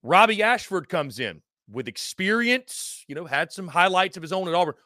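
Steady podcast host man, bright tone. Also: high-pitched, moderate pace, dry recording, studio quality. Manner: relaxed, reads news aloud steadily. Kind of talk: casual podcast interviewing.

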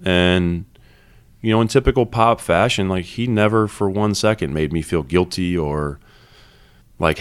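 A man's voice: deep voice, measured pace, clear, resonant tone. A man in his thirties, a basketball head coach, talking candidly and reflectively in an interview, with many fillers and restarts.

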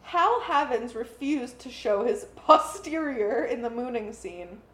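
A woman's voice: fairly high pitch, expressive, a little slow, a bit bright, reverberant, rough recording. A young woman co-hosting a podcast, chatting casually and reading out trivia with frequent giggles. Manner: giggly, reads trivia aloud. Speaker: podcast co-host. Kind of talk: casual chat about a movie.

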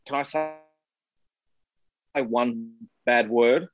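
A man talks openly and earnestly as an interview guest, his voice at a middling pitch and plainly conversational. He swears casually. The recording is dull and lo-fi, with a dry, close sound and no room to speak of. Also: fairly even intonation, drawn-out words, no echo, faint music behind. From Australia. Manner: open, earnest, swears freely. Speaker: guest, musician. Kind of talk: candid interview talk.

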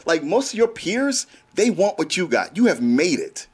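A man's voice: high-pitched, sing-song, normal speed, darkish tone, slightly rough. A man co-hosting a casual movie podcast, giving dry, blunt opinions. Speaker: podcast co-host. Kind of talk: casual movie review chat.

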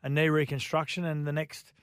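A man's voice: fairly high pitch, flat delivery, fairly quick, smooth, no room sound, clean studio sound. A man with an Australian accent co-hosting a radio sports show, giving enthusiastic analysis in long explanatory runs. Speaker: radio sports co-host and former player.

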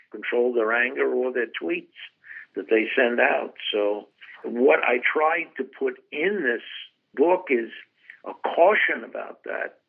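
An older man being interviewed as an author, telling stories in a calm, reflective way over a phone line. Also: mid-range voice, vocal fry. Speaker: author guest.

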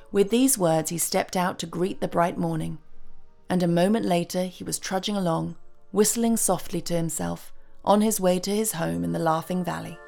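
A woman narrating a storybook in a steady, measured reading voice. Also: on the low side, creaky, faint music behind.

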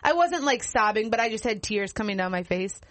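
A woman's voice: medium pitch, animated, a little fast, a bit bright, no echo. A woman, a teacher, co-hosting a casual family podcast and telling stories with animation.

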